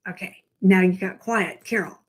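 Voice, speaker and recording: A woman with a light Southern US drawl hosting a casual live chat, talkative and quick to laugh at herself, heard over a video call. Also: medium pitch, slightly rough. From Southern United States. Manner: chatty, laughs often, self-mocking. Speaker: host.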